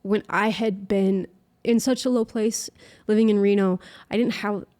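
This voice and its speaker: A young woman recounting her faith journey in an interview. She speaks earnestly and emotionally, pausing and restarting often with many fillers, at an ordinary middle pitch. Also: steady tone, mellow. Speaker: guest musician. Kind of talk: personal faith story in an interview.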